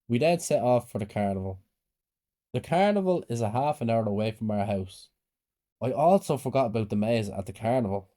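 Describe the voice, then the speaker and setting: A man reads a first-person horror story in a plain, low-key way. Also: warm tone. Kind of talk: scripted horror story narration.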